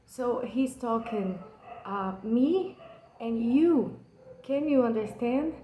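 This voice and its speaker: A woman's voice: fairly high pitch, slow, warm tone, roomy sound, slight background noise, poor audio. A woman from Brazil with a Brazilian Portuguese accent, speaking English as a second language. She explains a poem earnestly, with hesitations and restarts. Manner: hesitant, with many fillers and restarts, passionate. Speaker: channel host explaining a poem. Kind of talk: slow, earnest spoken explanation.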